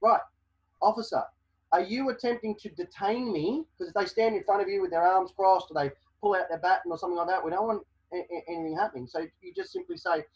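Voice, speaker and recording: Speaking quickly and animatedly with hardly any pauses, this Australian man has a high-pitched, slightly rough voice. He's presenting a webinar, emphatically explaining legal advice to a caller and repeating "okay?" after each point to press it home. The recording is dull, lo-fi webinar sound.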